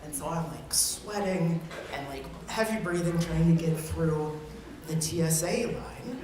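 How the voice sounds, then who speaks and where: A man's voice: fairly high pitch, a little slow. A man giving a eulogy at a memorial, telling a funny story in a chatty way and laughing along. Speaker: eulogy speaker. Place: memorial gathering in a large room. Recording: very echoey room, far from the mic, heavy noise.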